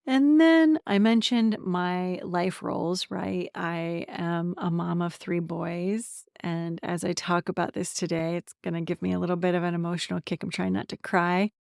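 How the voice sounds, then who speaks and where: A woman's voice: on the low side, steady tone, moderate pace, creaky, hardly any pauses, darkish tone, clear, resonant tone, no room sound, studio quality. A woman in her forties from central Pennsylvania hosting her own podcast, talking candidly about herself and laughing often. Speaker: podcast host, somatic transformation coach. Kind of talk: personal solo podcast talk.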